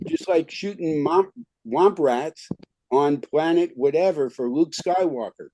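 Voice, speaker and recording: Slow, mellow-voiced male trainer. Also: a little high, muffled recording, slight background noise. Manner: informal, fills talk with "okay" and "right". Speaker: skills trainer. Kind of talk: teaching an online class.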